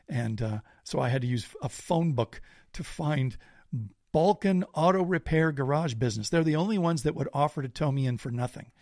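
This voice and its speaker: A man who is a guest on a podcast, telling a personal anecdote in a lively, self-deprecating way. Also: mid-range voice, gravelly, husky, no room sound, studio quality. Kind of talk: casual storytelling.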